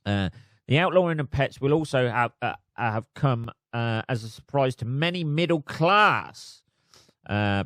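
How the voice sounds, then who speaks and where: On his one-man podcast, a host reads out news stories and riffs on them, cursing freely, sardonic, and cracking himself up. He has a lowish voice, captured in clean studio sound without echo.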